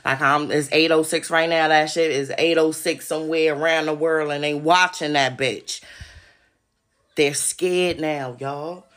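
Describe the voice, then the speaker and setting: A woman's voice: low voice, steady tone, unhurried, a bit bright. A woman hosting a podcast, talking in an agitated, profane monologue straight to her listeners. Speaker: podcast host. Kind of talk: casual monologue.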